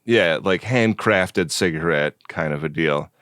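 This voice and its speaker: A man co-hosting a podcast in casual comedic chat, with a rough, groggy morning voice. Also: deep voice, measured pace, fairly bright tone, dry recording, clean studio sound. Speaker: podcast co-host.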